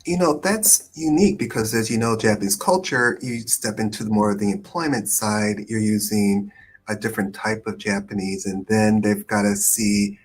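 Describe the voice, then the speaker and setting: A man hosting a live stream as an immigration attorney, talking in a thoughtful, hedging way with many pauses and ums. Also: on the low side. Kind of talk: conversational live stream chat.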